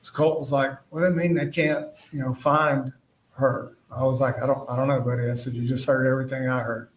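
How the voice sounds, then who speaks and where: A man giving courtroom testimony as a witness, speaking haltingly and retelling past conversations as quoted dialogue. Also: mid-range voice, flat delivery. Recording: echoey room, voice far from the mic.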